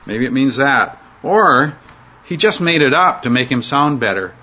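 A man's voice: mid-range voice, animated, a little slow, bright, forceful tone. A man teaching an informal Bible study lecture, talking conversationally with frequent fillers and restarts. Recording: dull lo-fi recording.

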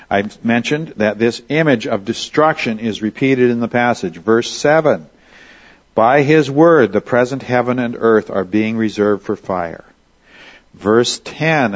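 Conversational male preacher, muffled recording. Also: mid-range voice. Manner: conversational, with frequent restarts and asides. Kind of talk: verse-by-verse Bible teaching.

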